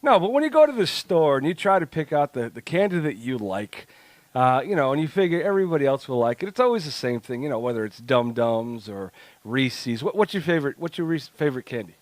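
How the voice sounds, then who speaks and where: A man's voice: mid-range voice, sing-song, fairly quick, dry recording. A man co-hosting a podcast, ranting in crude, joking, casual banter. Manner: loud, crude, joking rants. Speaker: podcast co-host.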